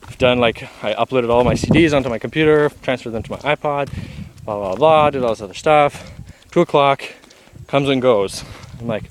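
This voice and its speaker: A man's voice: medium pitch, a little fast, slight background noise. A young man, a travel vlogger, telling a story in a casual, laid-back way, full of "like" and acted-out quotes.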